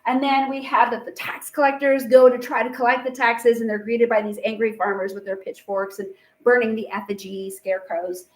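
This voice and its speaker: A woman's voice: on the high side, flat delivery, brisk. A woman teacher giving a casual, chatty history lecture, full of fillers and playful asides. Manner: chatty, acts out quotes with fillers.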